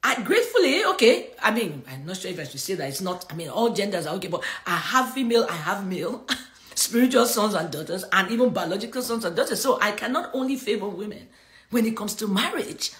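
A woman's voice: medium pitch, sing-song, brisk, a bit bright, reverberant. A middle-aged woman preaching a sermon on a livestream, reading scripture and making emphatic points with laughter between them.

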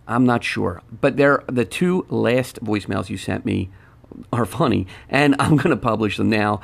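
A man hosting a gaming podcast in a relaxed, rambling solo talk with many fillers. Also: on the low side, normal speed, creaky. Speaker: podcast host. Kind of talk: casual podcast monologue.

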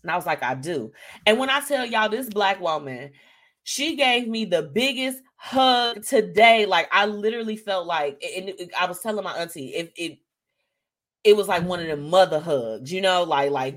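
A woman's voice: on the low side, expressive, moderate pace. A woman hosting a live show, talking candidly and emotionally to her listeners and calling them y'all. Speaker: host.

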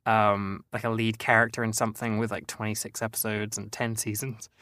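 A man's voice: on the low side, little pitch movement, a little fast, sharp tone, no room sound. A young English man with a Southern English accent who works as a voice actor, chatting casually in an interview with frequent fillers and restarts. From England. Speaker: voice actor guest.

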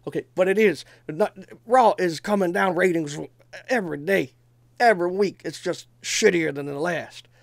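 A man in his thirties co-hosts a casual podcast chat, telling stories with energy, swearing, and speaking emphatically. His voice is high with vocal fry, at a moderate pace, in a dry recording.

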